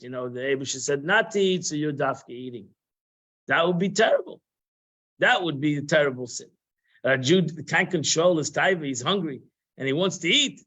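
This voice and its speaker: High-pitched male teacher, chatty and repetitive, muffled live-stream sound. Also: lively intonation, moderate pace, a bit bright. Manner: conversational, repeats phrases, sprinkles Hebrew and Yiddish terms. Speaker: Torah class teacher. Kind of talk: informal religious lesson.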